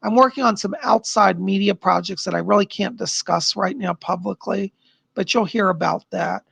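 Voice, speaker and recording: A tired middle-aged man with a raspy, worn voice, chatting upbeat with viewers as a psychic livestream host. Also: sits high, moderate pace, a bit bright, no echo. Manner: chatty, upbeat, answers chat questions. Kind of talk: casual live-stream chat.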